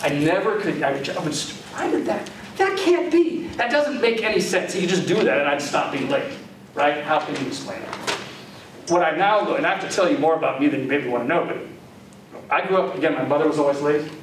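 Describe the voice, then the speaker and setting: A man's voice: a little high, fast talker. An older man from the Chicago area giving a lecture, telling anecdotes in a conversational, self-deprecating way. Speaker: guest lecturer. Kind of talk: storytelling lecture. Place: lecture hall. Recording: echoey hall from far off, faint hiss.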